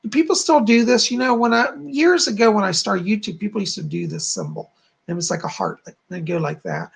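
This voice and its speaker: A man's voice: sits high, sing-song, brisk, creaky, a little hiss or hum. A man hosting a live-stream psychic chat, effusive and chatty, often thanking his viewers. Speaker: psychic and channel host.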